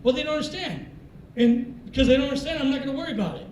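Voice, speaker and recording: Man playing a keen young airman, over-eager, high voice, echoey hall, distant mic. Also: animated, very fast, darkish tone, lo-fi sound, a little hiss or hum. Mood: earnest.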